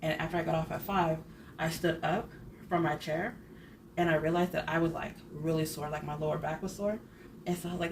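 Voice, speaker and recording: Chatty low-voiced woman in her thirties. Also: steady tone, a little fast, noisy background. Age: 30s. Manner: chatty, rambling, self-correcting. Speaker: budget vlogger. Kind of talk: casual chat.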